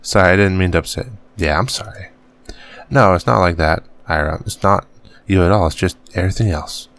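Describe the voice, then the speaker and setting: A man's voice: low voice, a little fast, a bit bright. A man reading out a weary, working-class miner father who grumbles and swears about the company but is tender with his son, in a put-on accent.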